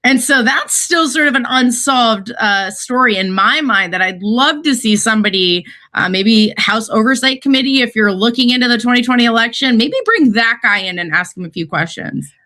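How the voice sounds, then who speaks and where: Woman guest talking with fillers, bright. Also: fairly high pitch, moderate pace, hardly any pauses. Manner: conversational, frequent filler words. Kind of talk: casual interview talk.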